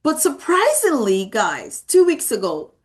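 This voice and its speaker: A woman's voice: sits high, huge pitch swings, a little slow. A woman in her thirties giving a realtor training talk, emphatic and repeating key words as she tells stories from her work. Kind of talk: motivational training talk with anecdotes.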